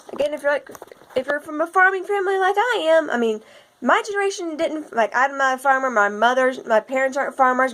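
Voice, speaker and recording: Rambling young woman, husky morning voice. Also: sits high. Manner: rambling, self-correcting, filler-heavy. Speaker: vlogger. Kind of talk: rambling casual monologue.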